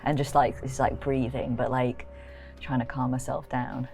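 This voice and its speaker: A woman playing a tabletop role-playing game, describing her character's actions in a lively, laughing way. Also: extremely low pitch, moderate pace, gravelly, faint music behind. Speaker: player.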